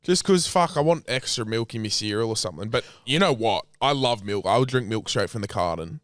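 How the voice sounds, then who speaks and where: A man's voice: fairly low pitch, expressive, brisk, dry recording. An Australian man in his twenties co-hosting a podcast, talking bluntly and casually with plenty of swearing. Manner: sweary, blunt, laid-back. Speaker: podcast co-host. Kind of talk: casual chat.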